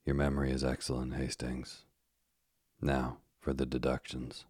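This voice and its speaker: A fussy, precise older detective, read by a man in an audiobook. The voice sits extremely deep and stays flat, with brisk, clipped phrasing. It is recorded close in a dry space with no room sound. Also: breathy edge, no room sound. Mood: wry. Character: Hercule Poirot, fussy older Belgian detective.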